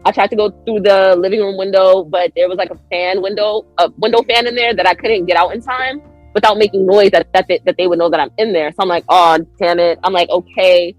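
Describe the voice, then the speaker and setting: A woman guest on a podcast telling a story in an animated way. She acts out her own lines with big jumps in pitch and laughs often. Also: fairly quick, dry recording, soft background music, rough recording.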